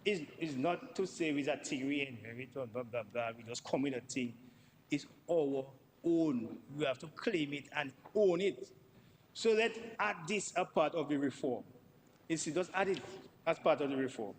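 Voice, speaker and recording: A man's voice: fairly high pitch, animated, normal speed, in a large hall, slight background noise, poor audio. A man giving a parliamentary debate speech, emphatic and repeating words for stress. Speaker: member of parliament. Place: parliament chamber.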